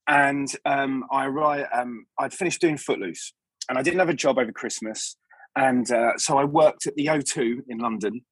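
Husky-voiced man telling rambling stories. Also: medium pitch, normal speed, dry recording. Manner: rambling, self-interrupting anecdotes with many restarts. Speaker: stage actor, podcast guest. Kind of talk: casual interview storytelling.

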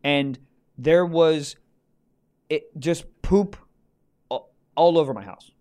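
A man's voice: fairly high pitch, slow, mellow, clean tone. A young man co-hosting a podcast, chatting loosely and joking with plenty of swearing. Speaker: podcast co-host. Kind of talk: casual chat.

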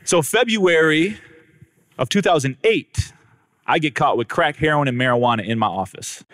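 A man's voice: on the high side, expressive, moderate pace, a bit bright, no room sound. A man telling his personal testimony to an audience, acting out the dialogue with drama and talking straight to the crowd. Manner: dramatic storyteller who acts out the dialogue; speaks directly to the crowd. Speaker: speaker giving a personal testimony.

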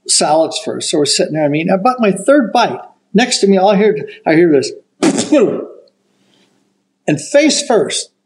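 High-voiced older man telling a story. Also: rough recording. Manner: animated raconteur, acts out quotes. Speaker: golf broadcaster telling a story. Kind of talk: casual storytelling.

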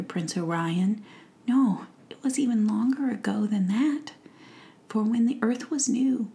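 A woman's voice: medium pitch, mellow. A woman whispering as a solemn little fairy girl, whispered role-play. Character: gentle old-souled female fairy storyteller.

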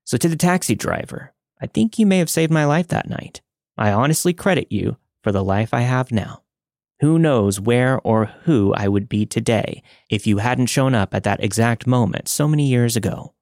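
A man hosting a podcast, reading listener stories as scripted narration in a measured, dramatic way. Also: mid-range voice, lively intonation, a little mellow, no room sound, clean studio sound.

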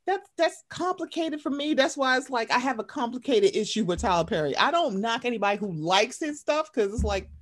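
A woman's voice: on the high side, expressive, brisk, hardly any pauses. A woman co-hosting a casual chat, ranting emphatically and profanely, acting out quoted voices. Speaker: podcast co-host.

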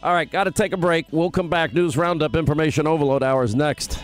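A man's voice: fairly high pitch, fast talker, music in the background. A middle-aged man hosting a political talk radio show, emphatic and scoffing as he argues his point into a studio microphone. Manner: emphatic, scoffing, mocks opponents.

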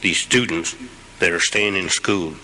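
A man's voice: low voice, measured pace, bright, forceful tone, low-quality recording. A middle-aged man, a veteran speaking to an audience, retelling his war story in an earnest, plain-spoken, heartfelt way.

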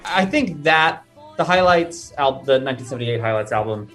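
A male guest chats casually with a lively, moving pitch and an emphatic, agreeable manner. Music sits faintly underneath. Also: normal speed. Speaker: guest composer. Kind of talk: casual chat.

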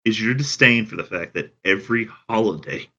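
A man with a Southern American accent, chatting casually as a podcast co-host and telling things in a dry, deadpan way. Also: on the low side. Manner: dry, deadpan storytelling with drawn-out phrases. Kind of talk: casual chat. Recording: dull lo-fi sound.

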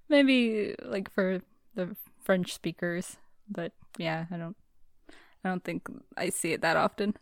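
A woman's voice: on the low side, slow, pauses often, no echo, studio quality. A woman co-hosting a podcast in casual chat, often laughing and teasing her co-host.

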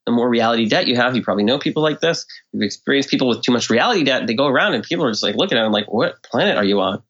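A man's voice: mid-range voice, racing. Guy on a podcast explaining stuff, acts out little quotes, kinda dull lo-fi audio. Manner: animated, acts out quoted speech with swings in tone. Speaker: guest expert. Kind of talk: conversational explanation.

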